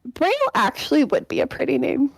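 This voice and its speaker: Bright-voiced woman podcast co-host, dry sound. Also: high voice, a little fast, vocal fry, breathy edge, no echo, low-quality recording. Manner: playful, giggly, rambling. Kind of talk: casual chat.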